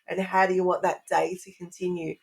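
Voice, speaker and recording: A woman's voice: lowish voice, little pitch movement, brisk, gravelly. A middle-aged woman, a parenting expert, answering interview questions in an earnest, explanatory way, often asking rhetorical questions.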